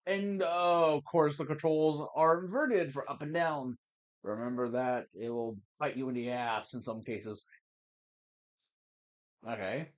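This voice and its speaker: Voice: mid-range voice, a little slow, dull audio. A let's-play gamer chatting casually through a playthrough, wry and swearing now and then. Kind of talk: casual game commentary.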